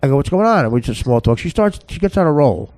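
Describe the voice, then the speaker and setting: A man's voice: medium pitch, expressive, fast talker, darkish tone, dry recording. A podcast host telling a comic story in a rambling way, often laughing at his own tale.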